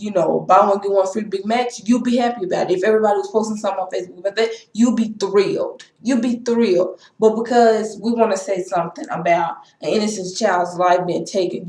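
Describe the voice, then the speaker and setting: A young woman from Texas, speaks in a personal vlog. She talks in an impassioned, frustrated way and repeats herself. Her voice has a mid pitch and sounds echoey, as if recorded in a bare room. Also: fairly quick, hardly any pauses, darkish tone. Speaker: vlogger. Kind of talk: emotional personal vlog rant.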